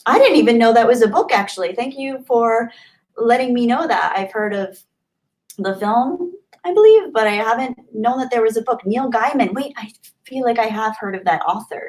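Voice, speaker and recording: A woman's voice: fairly high pitch, lively intonation, normal speed, poor audio. Gushing young woman livestreamer. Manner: gushing, emotional, many restarts and fillers. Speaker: livestream host. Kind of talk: casual livestream chat reading comments.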